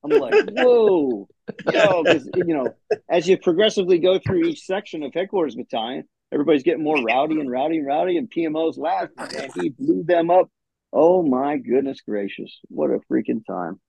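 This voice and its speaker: A man, a military veteran, telling profane, animated stories about his old unit in casual chat over a dull, lo-fi call. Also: a little high, a little fast, vocal fry. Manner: animated, profane, laughing storyteller. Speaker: veteran guest. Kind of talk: casual storytelling.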